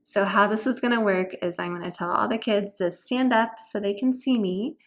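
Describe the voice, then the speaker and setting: A woman's voice: mid-range voice, normal speed. Cheerful woman explaining tutor activities. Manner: cheerful, chatty, sings short learning songs. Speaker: homeschool tutor.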